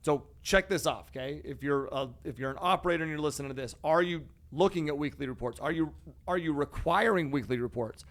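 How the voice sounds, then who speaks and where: A man's voice: on the high side, fast. A man hosting a casual podcast, talking energetically and emphatically about real estate investing. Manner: energetic, emphatic, calls his co-host "bro" and "dude".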